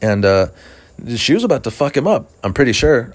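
A man's voice: mid-range voice, animated, fast talker, no room sound. A man, a stand-up comedian, telling a story in a rambling, profane, casual way with lots of fillers.

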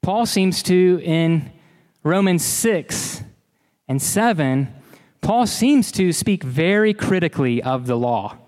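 A pastor delivers an earnest, emphatic sermon, leaning on repetition to drive his points home. His voice sits a little high for a man. The sound carries the long reverb of a large hall. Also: lively intonation, slow, darkish tone.

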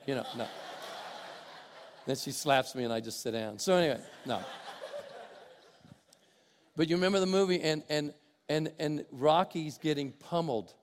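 An older man preaching a sermon as pastor in a church, swinging from loud preaching to quiet, conversational asides. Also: a little high, moderate pace, pauses often. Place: church sanctuary with congregation. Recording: long hall reverb.

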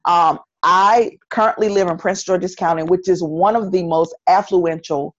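A woman's voice: fairly low pitch, steady tone, moderate pace, no echo, highs cut off. A middle-aged woman with a Southern North Carolina accent, talking earnestly as a podcast guest and repeating phrases for emphasis. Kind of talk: casual interview conversation.

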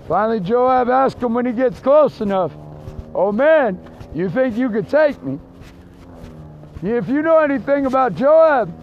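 A man preaching outdoors in a park, telling a story slowly and deliberately, dropping his voice for the quoted lines. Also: very high voice, highs cut off. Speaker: street preacher. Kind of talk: sermon storytelling.

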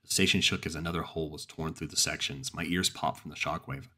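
A man narrating a horror story in the first person, slow and grave. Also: a bass voice, steady tone, bright, forceful tone.

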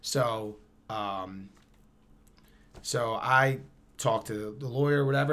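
A man, telling a story as a guest in a casual interview, slangy and animated, acting out the dialogue. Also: mid-range voice, takes it slowly, pauses often. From Camden, New Jersey.

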